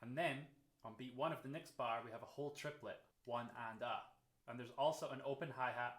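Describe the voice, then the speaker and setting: A man, a drum teacher calmly explaining a groove and counting beats aloud. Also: medium pitch, fast. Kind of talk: instructional explanation. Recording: roomy echo.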